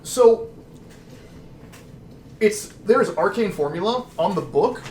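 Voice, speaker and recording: A man's voice: high voice, lively intonation, takes it slowly, a little mellow, recorded from a distance. A man describing a scene in a tabletop game, searching for words as he goes. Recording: echoey room, faint noise.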